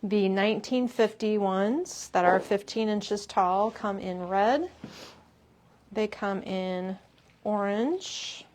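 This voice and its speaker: A woman's voice: medium pitch, slow pace, a little mellow. A woman hosting a live shop stream, chatting casually about products and laughing often.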